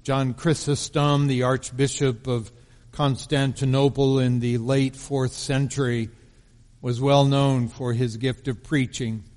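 Guy preaching a sermon, slow careful storytelling, big echoey church sound. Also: mid-range voice, little pitch movement, a little mellow. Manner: measured storytelling delivery, slowing for emphasis. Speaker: pastor. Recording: long reverb of a large hall.

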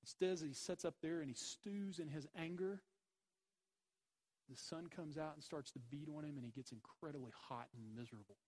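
A man's voice: fairly high pitch, normal speed, darkish tone, husky, low-quality recording. A man preaching a sermon, emphatic, with rhetorical questions and repeated phrases. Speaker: pastor.

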